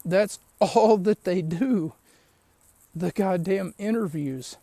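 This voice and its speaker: Man, podcast host, high voice, dry close sound, rambling casual recap. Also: takes it slowly, mellow, no room sound. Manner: rambling and chatty, with frequent ums and asides. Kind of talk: casual recap of a wrestling show.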